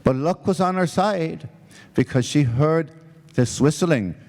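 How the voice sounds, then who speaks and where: A man telling humorous old-country folk stories in an unhurried way. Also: a little high, lively intonation, a little mellow, a little hiss or hum. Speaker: storyteller. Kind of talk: folk storytelling.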